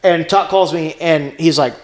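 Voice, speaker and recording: A man's voice: on the high side, moderate pace, reverberant. A young man, a comedian, telling a long story in a casual, profane, rambling way. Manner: rambling, profane, animated retelling with acted quotes. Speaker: comedian guest.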